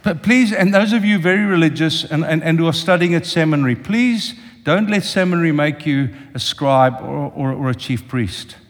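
An older male preacher delivers a passionate sermon, pleading directly with his congregation. His fairly high voice rings out with a long reverb through a large church hall. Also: normal speed, few pauses. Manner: impassioned, speaks directly to the congregation.

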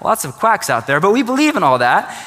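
A man's voice: high voice, big pitch swings, fairly quick, fairly bright tone, long reverb tail. A man preaching a sermon to his church, conversational and joking in his asides. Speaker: pastor.

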